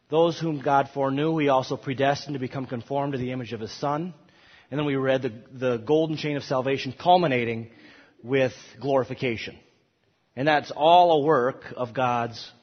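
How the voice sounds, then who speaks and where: A man's voice: mid-range voice, moderate pace, breathy edge. Emphatic man teaching scripture, echoey hall. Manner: emphatic, rising on quoted scripture, with restarts. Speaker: Bible teacher. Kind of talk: classroom Bible lecture. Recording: dull audio in a long-echo hall.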